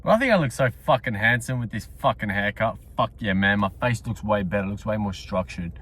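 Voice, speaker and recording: A man's voice: lowish voice, fairly even intonation, brisk, fairly bright tone, slight background noise. A young man vlogging casually to camera, blunt and full of swearing, at times out of breath. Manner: blunt and profane, talking to camera. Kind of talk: casual vlog talk.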